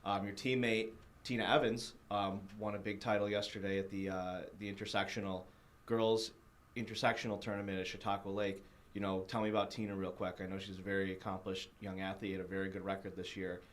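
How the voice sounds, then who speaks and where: A man hosting a casual sports interview, chatty and quick to laugh, with plenty of fillers. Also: fairly low pitch, level tone, fairly bright tone. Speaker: host.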